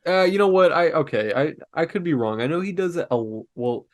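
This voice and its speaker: A man's voice: fairly high pitch, lively intonation, a little fast. A young man co-hosting a podcast, rambling in crude, casual banter full of swearing and restarts. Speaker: podcast co-host.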